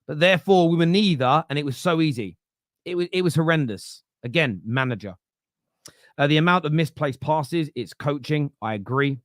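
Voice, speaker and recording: Reading viewer comments on a casual live stream, this football fan podcast host speaks bluntly and with strong opinions at a normal speed. His somewhat high voice often opens with "uh" and restarts sentences, captured as clean studio sound with no room sound.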